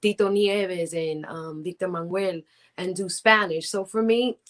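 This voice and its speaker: Middle-aged woman, interview guest, animated storyteller, acts out quotes, video call audio. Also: lowish voice, unhurried. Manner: animated, acts out quoted voices with big jumps. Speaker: guest singer.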